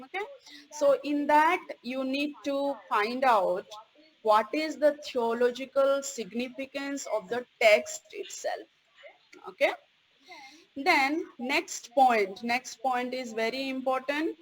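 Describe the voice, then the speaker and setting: A woman's voice: high voice, takes it slowly, low-quality recording. A woman giving a recorded theology course lecture, stressing key words and checking in with "okay?" after each point.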